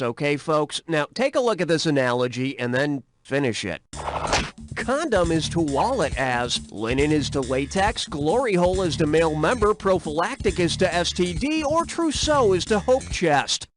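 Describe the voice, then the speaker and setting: A man's voice: on the high side, very animated, moderate pace. A man hosting a video game quiz show, delivering questions and sarcastic jokes with a brash, sing-song manner. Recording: game audio with loud music behind.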